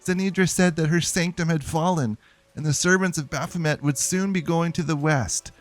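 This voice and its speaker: A man's voice: fairly high pitch, moderate pace, soft background music, pitched above the performer's own voice, lightly acted. A man voicing a frightened young male priest in a video game, stammering and pleading between sobs. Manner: sobbing, stammering pleas.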